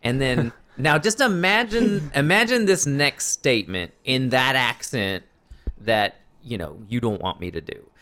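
A man in a loose comedy podcast chat spins a story with a lively, bouncing voice that climbs high when he gets excited. He laughs easily and keeps the banter rolling with his co-host. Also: a little slow, slight background noise. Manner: animated, laughs often, storytelling with big pitch swings.

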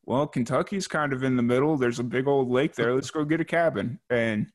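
Conversational man with a Chicago accent. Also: medium pitch. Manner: friendly, conversational, quick agreeable replies. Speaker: podcast host. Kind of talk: casual interview chat.

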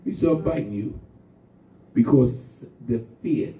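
A man preaching a sermon, telling stories with animated call-and-response. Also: mid-range voice, takes it slowly, gravelly. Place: church. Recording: echoey church from far off, phone-like sound.

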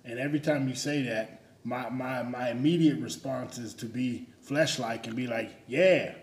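A man in casual faith talk, telling stories about himself in an animated, self-mocking way. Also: mid-range voice, moderate pace, creaky, reverberant.

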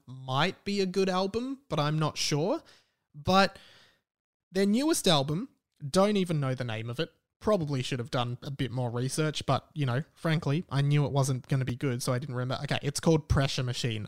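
An Australian man hosting a podcast, chatting casually in a rambling, wry way and often correcting himself mid-sentence. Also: fairly high pitch. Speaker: podcast host.

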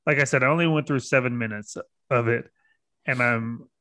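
Brief: easygoing male podcast co-host, halting delivery, dry close mic. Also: mid-range voice, bright, forceful tone, no echo. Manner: laid-back, hesitant with fillers. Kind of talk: casual movie-review chat.

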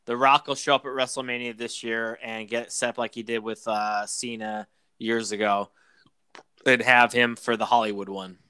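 An excitable, foul-mouthed man co-hosting a wrestling podcast, his voice bright and smooth. He rambles in a loose, casual way, and the close mic sounds dry. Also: mid-range voice, moderate pace, no room sound. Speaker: podcast co-host.

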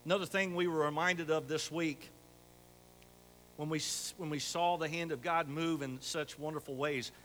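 Older man, pastor's sermon, bright forceful voice, long echo of a church hall, faint hum. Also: fairly high pitch, fairly even intonation, moderate pace. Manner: folksy, rising to emphatic exhortation. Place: church sanctuary.

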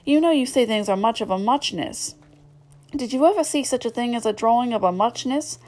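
A woman voicing a sleepy, touchy male dormouse with a hoarse, feeble voice in a storybook reading. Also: fairly high pitch, brisk, a little mellow, voice pushed up, natural voice. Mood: sleepy, indignant. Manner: drowsy, touchy.

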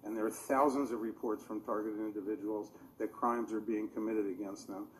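A man speaks at a public meeting and rambles earnestly through technical points. His voice sits at a middle pitch. Faint hiss runs underneath. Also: fairly even intonation, a little fast, rough recording. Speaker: public commenter.

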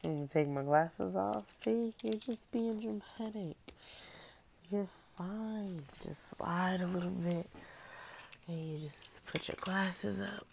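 Sick and drowsy from cold medicine, a woman vlogs to camera in a small room, slurring and rambling as she talks herself through it. Her medium-pitched voice is slow, gravelly and darkish, with slight background noise.

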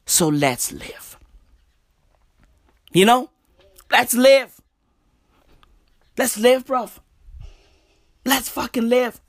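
A woman's voice: on the high side, lively intonation, very slow, long pauses, dry recording, studio quality. A young woman, ranting in an exasperated, swearing comic monologue. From South Africa. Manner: exasperated, swearing, repeats slang "bruv". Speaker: comedian. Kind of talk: stand-up style rant.

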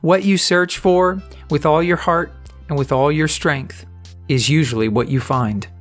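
A man voicing a calm, wise old male sage who speaks in short, slow, measured commands. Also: fairly high pitch, soft background music, natural voice. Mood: calm, firm.

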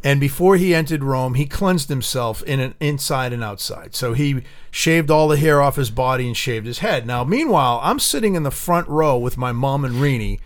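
A man telling a story in casual podcast chat, animated and full of swearing. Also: medium pitch, normal speed, few pauses.

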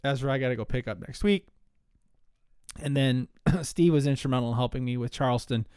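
A man's voice: mid-range voice, fairly quick, a little mellow, smooth, dry recording, studio quality. Breathless man chatting whiskey. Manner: rambling, with filler words and restarts. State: slightly out of breath. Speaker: whiskey podcast host. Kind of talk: casual podcast chat.

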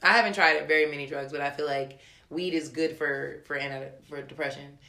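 A woman's voice: deep voice, a little fast, reverberant. A woman in her thirties chatting casually as a co-host, telling stories animatedly and acting out voices. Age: 30s. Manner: animated storytelling, acts out voices. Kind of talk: casual chat.

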